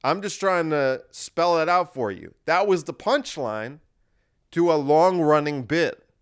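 A man's voice: a little high, animated, measured pace, clean tone. A man hosting a podcast, talking in a casual, wry and rambling monologue that circles back and repeats itself. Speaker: podcast host.

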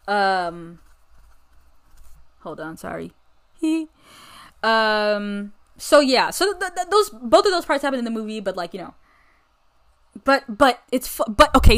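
This young American woman hosts a podcast where she chats alone about a movie, rambling eagerly and casually. Her voice sits on the high side and has a slight brightness.

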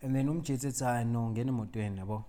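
A man's voice: medium pitch, very fast. A young man with a South African accent, switching between Zulu and English as he tells a story in casual chat, laughing now and then. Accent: South African, mixing Zulu and English. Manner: animated storyteller, laughs mid-story, drops voice for quoted lines.

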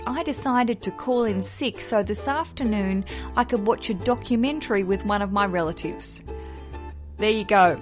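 An Australian woman chats through her podcast segment with an upbeat, playful energy and a self-deprecating streak. Her pitch sits in an ordinary middle range. Soft music plays faintly behind her. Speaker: podcast host. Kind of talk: chatty podcast monologue.

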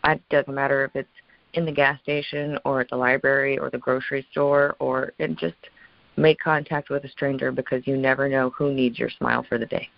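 A woman co-hosting an interview podcast, delivering a measured, earnest, encouraging closing statement. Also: very deep voice, level tone, vocal fry, dry recording, muffled recording. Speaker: podcast co-host.

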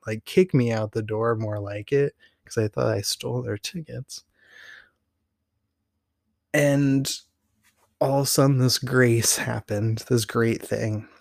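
A man hosts a podcast, telling a personal story in a casual, animated and rambling way, full of fillers. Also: mid-range voice, vocal fry, no echo, studio quality. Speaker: podcast host.

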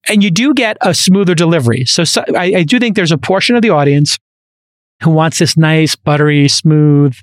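Fast-talking, animated male podcast host. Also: a little high, dry recording, studio quality. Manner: animated storyteller, quick asides and restarts. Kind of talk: casual podcast conversation. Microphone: studio microphone.

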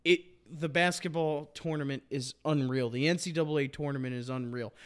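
A young man with a somewhat high voice hosting a casual sports podcast. He talks with conviction, repeating lines for emphasis and pressing each argument hard. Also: a little fast, smooth. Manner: impassioned, emphatic, repeats points.

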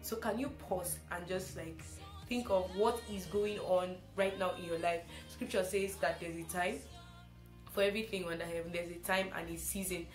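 A young woman from Africa hosting a casual spoken reflection, chatty and animated, repeating phrases for emphasis. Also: on the low side, moderate pace, reverberant, soft background music. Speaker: host.

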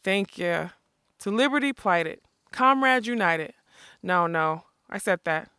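A woman's voice: medium pitch, lively intonation, takes it slowly, clear, resonant tone, no echo, studio quality. A woman doing a blustering outlaw giant. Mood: exasperated. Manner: blustering, shouting. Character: gruff bellowing male outlaw giant.

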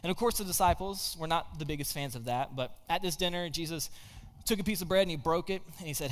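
A man giving a casual, conversational sermon, telling a Bible story and dropping his voice low at key points. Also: a little fast, long reverb tail. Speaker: preacher.

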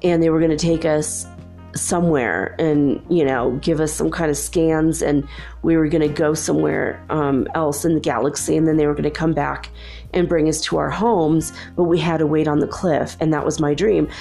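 A woman's voice: low voice, steady tone, moderate pace, gravelly, warm tone, faint music behind. A woman telling a personal story in a rambling, earnest way, with many asides.

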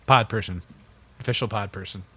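A man's voice: fairly low pitch, brisk. Rambling young man talking football. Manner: rambling, restarts often, swears freely. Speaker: podcast co-host. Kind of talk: casual sports chat.

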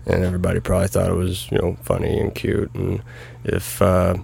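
A man's voice: low-pitched, completely flat delivery, a little fast, vocal fry, a little mellow, husky. A man in a casual chat, making wry, dry-humored remarks.

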